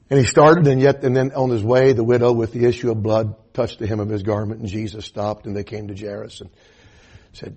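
An older man with a Southern US accent preaches in a relaxed, folksy storytelling manner. His voice is mellow, dark and a little husky, and he keeps stopping to say amen. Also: lowish voice, a little fast. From Atlanta area, US South. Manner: folksy storytelling, punctuated with amens. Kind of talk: sermon.

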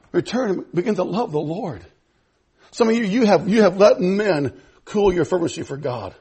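High-pitched husky preacher, man. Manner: swings from loud fervent exhortation to hushed low pleading. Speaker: pastor. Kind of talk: sermon.

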